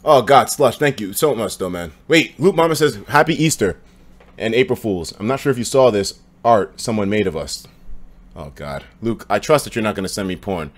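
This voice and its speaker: A young man streaming casually from his apartment, tipsy after drinks, talking loosely and profanely, jumping between loud outbursts and low mumbles. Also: expressive, moderate pace. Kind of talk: casual live-stream chat. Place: home apartment.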